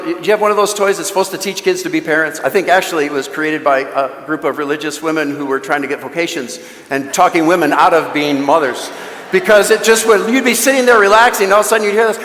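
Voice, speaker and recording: A man with a fairly high voice gives a conversational mission talk in a church. He tells stories and makes joking asides to the audience, and his voice rings through the room with a long reverb trailing after it. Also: fairly bright tone. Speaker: guest speaker at a parish mission.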